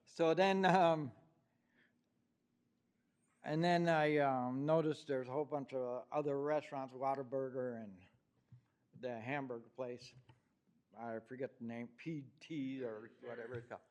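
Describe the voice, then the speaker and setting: An older man with a New York accent giving a rambling, heartfelt public comment at a city council meeting. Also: medium pitch. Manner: rambling, heartfelt, with many fillers.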